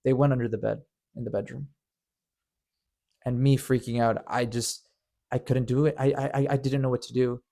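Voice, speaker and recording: A man's voice: medium pitch, little pitch movement, normal speed, gravelly, long pauses, dark tone. A man narrating a painful personal story in an earnest, emotional way, often stammering and repeating words. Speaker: storyteller and channel host.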